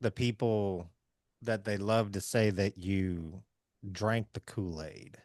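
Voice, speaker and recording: A man from Southeast Missouri, hosting a casual business chat in an energetic, folksy way. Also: fairly low pitch, slow, dry recording, studio quality. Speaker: podcast host.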